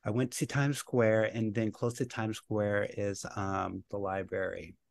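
A middle-aged man appears as a guest, recounting his life story in a casual, animated way and laughing at his own memories. His voice is lowish with vocal fry, and he keeps a measured pace.

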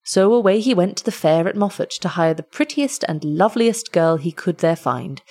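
A woman reading an old tale aloud in a measured, expressive way. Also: fairly low pitch. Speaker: storyteller.

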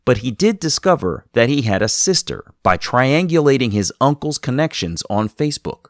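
A man hosting the show and reading scripted narration in a smooth, even delivery. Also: medium pitch, moderate pace, no echo, clean studio sound. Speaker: host and narrator.

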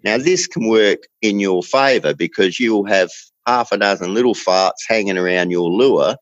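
Australian man, relaxed rambling storyteller, lower voice, dry close sound. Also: no echo, lo-fi sound. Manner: rambling storyteller, drawn-out emphasis. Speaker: fishing guest. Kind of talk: casual chat.

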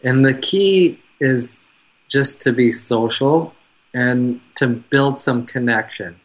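A man speaking as a guest in an interview, talking about his business in a measured, reflective way. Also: mid-range voice, poor audio. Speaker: guest, car business owner. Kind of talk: conversational interview.

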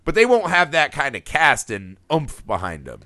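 A man hosting a podcast, chatting casually about a film, animated and laughing often with casual swearing. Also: fairly high pitch, normal speed, dry recording, studio quality. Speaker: podcast host.

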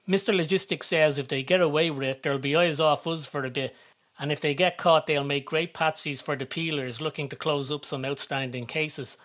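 A man voicing a sly, scheming fixer with a knowing, smooth manner. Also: fairly high pitch, fairly even intonation, fairly quick, fairly bright tone, lightly acted.

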